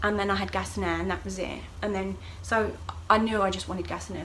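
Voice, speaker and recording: A young woman recounts a personal story for her vlog, relaxed and chatty. She throws herself into the quoted lines, jumping high and loud whenever she voices someone. A light background hiss sits under her mid-pitched voice. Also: fast talker, few pauses, poor audio. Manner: animated, acts out voices of others with sharp jumps in pitch and loudness. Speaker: vlogger. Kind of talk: casual storytelling to camera.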